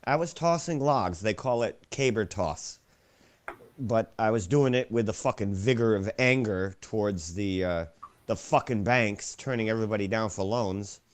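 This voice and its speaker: A man's voice: lowish voice, moderate pace. Profane ranting man. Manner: swears constantly, ranting. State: sore back. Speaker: podcast co-host. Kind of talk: casual profane banter.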